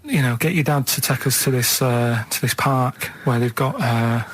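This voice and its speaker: A man's voice: medium pitch, moderate pace, a bit bright, low-quality recording. Hesitant Mancunian man telling a rambling story. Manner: hesitant, full of "right?" and "and that". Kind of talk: rambling anecdote in casual chat. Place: radio studio.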